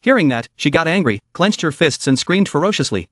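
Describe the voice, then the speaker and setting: A man narrates a comic story recap in an even, steady reading. His voice sits slightly high and sounds dry and close to the mic. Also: fast, hardly any pauses, no room sound.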